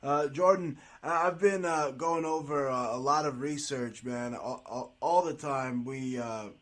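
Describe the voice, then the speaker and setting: A man's voice: mid-range voice, measured pace, a bit bright. A man hosting an interview, talking emphatically and filling gaps with stops and restarts. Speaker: host. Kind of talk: conversational interview.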